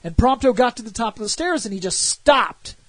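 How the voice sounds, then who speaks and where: A man's voice: very high voice, a little fast, dry recording. A man co-hosting a casual gaming podcast, telling stories with acted-out quotes and plenty of swearing. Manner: animated storytelling, acts out quotes, swears freely. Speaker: podcast co-host.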